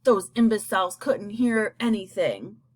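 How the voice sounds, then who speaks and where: A woman voicing a boastful, rude male centipede who scoffs and yells insults. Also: mid-range voice, animated, a little slow, dry recording. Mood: mocking. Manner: loud, mocking, yelling insults.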